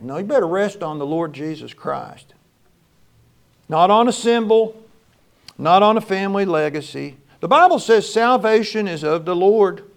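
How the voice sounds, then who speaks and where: A male pastor preaching a sermon, moving between loud exclamations and quiet, low lines. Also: expressive, measured pace.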